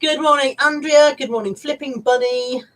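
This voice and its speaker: A woman with a high-pitched voice speaks at a moderate pace with fairly even intonation. Hosting a live stream, she chats casually, teases viewers and laughs a lot, picked up by a camera mic from slightly away.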